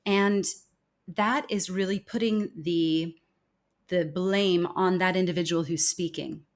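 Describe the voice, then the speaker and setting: A woman's voice: lowish voice, steady tone, takes it slowly. A woman, a communication consultant, earnestly explaining her views as a guest in an interview conversation. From United States. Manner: earnest, explanatory, acts out quoted speech.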